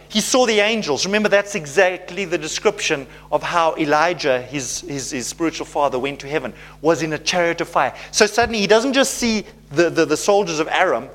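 High-voiced, animated male preacher. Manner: animated, conversational preaching with audience check-ins. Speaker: pastor. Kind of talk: sermon.

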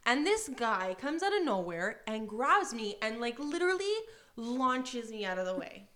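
A woman telling stories in casual podcast chat, animated and swearing freely, acting out the people she quotes. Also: on the high side, moderate pace. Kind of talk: casual storytelling.

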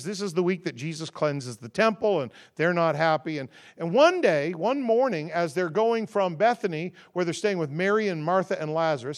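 High-voiced preacher with lively, building cadence. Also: male voice. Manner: rhythmic call-and-response contrasts, rising to loud emphasis then dropping low; conversational and humorous in asides. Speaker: guest preacher. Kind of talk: sermon.

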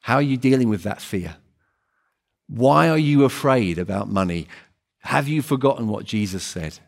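A man's voice: medium pitch, expressive, normal speed, creaky. A man preaching a sermon in an earnest, emphatic way, often repeating phrases and restarting words.

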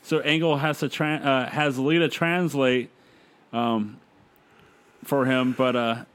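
A man's voice: mid-range voice, steady tone, slow, a bit bright, clear, resonant tone. A man casually recapping events play by play on a podcast, laughing along with his co-host.

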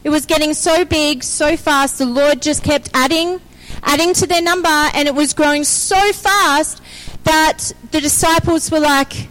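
A woman delivering a lively sermon in a very high voice. She takes her time over the words and keeps urging her listeners on. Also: unhurried, rough recording. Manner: energetic, exhorting, calls for amen. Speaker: preacher.

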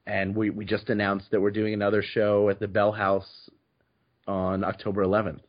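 A man's voice: lowish voice, monotone, moderate pace. A man, a podcast host, telling stories in casual chat, with frequent restarts and repeated words. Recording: slightly muffled audio.

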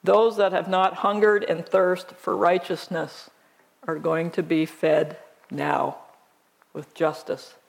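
Sex: woman. Role: pastor. Style: slow, conversational sermon with scripture reading and rhetorical questions. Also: lowish voice, steady tone, vocal fry.

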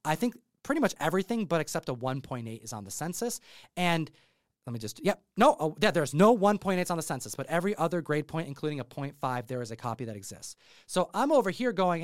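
Male podcast host, lively storyteller, voice on the higher side, dry close sound. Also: quick pace, no room sound. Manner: animated storytelling, acts out quotes. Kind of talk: casual chat.

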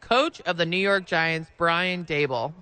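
Bright, high-voiced male radio co-host. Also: unhurried, clean tone. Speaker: sports radio co-host reading headlines. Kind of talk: sports radio banter.

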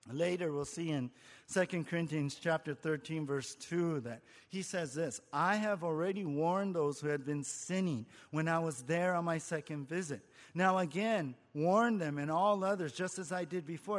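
A man with a high voice delivers an expository sermon. He preaches earnestly and conversationally, posing rhetorical questions to his listeners. His voice carries a long reverb from a hall. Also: lively intonation, moderate pace. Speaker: pastor.

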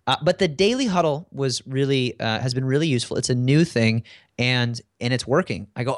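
A man's voice: medium pitch, fairly quick, no echo, clean studio sound. A man in a casual interview, telling work stories in a conversational way with frequent fillers. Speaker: guest.

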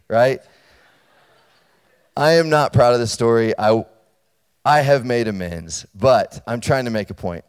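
A man preaching to college students, talking casually and checking in with them, and getting loud and animated as he tells a personal story. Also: mid-range voice, unhurried, long pauses, clear, resonant tone. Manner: conversational, storytelling, checks in with listeners; grows loud and animated when telling a story. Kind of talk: sermon. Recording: long hall reverb.

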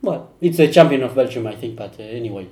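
Guy on a footy podcast, warm low-key tone, echoey room, lots of uhs. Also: expressive, fast. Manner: hesitant, searches for words. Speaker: podcast panelist. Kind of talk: casual football chat.

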